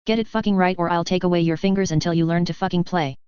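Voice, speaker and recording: A woman's voice: lowish voice, fairly even intonation, quick pace, darkish tone, clear, resonant tone, no echo, natural voice. A woman voicing a furious, crude male warlord who bellows and snarls profanities, on a dull lo-fi recording. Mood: snarling.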